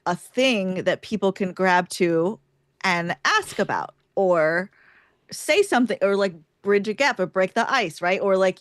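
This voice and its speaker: A woman's voice: mid-range voice, no echo, clean studio sound. A woman co-hosting a live podcast, talking casually and often filling with "like". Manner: chatty, heavy use of "like". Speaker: podcast co-host.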